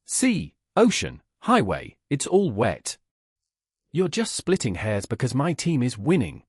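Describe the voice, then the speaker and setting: A man voicing a stubborn, loud male pub quiz contestant who barks his points indignantly. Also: mid-range voice, wildly swooping pitch, measured pace, breathy edge, dry recording, clean studio sound, heavily acted. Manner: barking, indignant.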